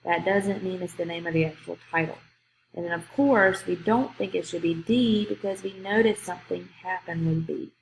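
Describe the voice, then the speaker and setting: A woman's voice: fairly low pitch, normal speed, vocal fry, slight background noise. Patient woman teaching grammar. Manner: patient, explains step by step, checks in with "okay?". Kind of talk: grammar lesson for young students. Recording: echoey room.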